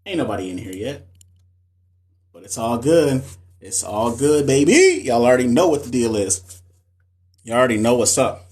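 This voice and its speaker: A man's voice: medium pitch, big pitch swings, moderate pace, long pauses, darkish tone. A man who is a nurse educator, chatting casually with viewers on a live stream, loose and slangy, often repeating himself. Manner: loose, slangy, repeats phrases, talks straight to chat. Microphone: phone or webcam for a live stream.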